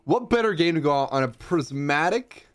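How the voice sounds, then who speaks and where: A young man giving casual, excitable commentary while he plays a strategy game, with playful jokey asides. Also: fairly high pitch, normal speed. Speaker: streamer. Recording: faint music behind.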